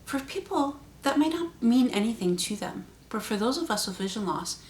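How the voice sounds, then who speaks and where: A woman hosting her own vlog, talking straight to the viewer and shifting her pitch and loudness for emphasis. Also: big pitch swings, moderate pace, a little hiss or hum. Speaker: channel host. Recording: roomy echo.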